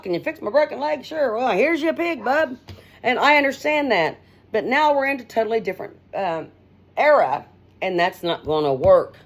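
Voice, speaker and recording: A middle-aged woman hosts a radio show, delivering a rambling, folksy monologue of straight talk while her pitch swings up and down.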